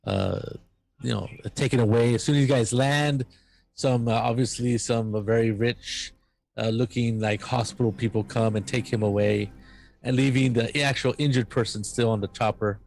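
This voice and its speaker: A man with a gravelly voice narrates a tabletop role-playing game as game master. He talks haltingly, with frequent fillers and restarts. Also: medium pitch, steady tone, darkish tone, soft background music.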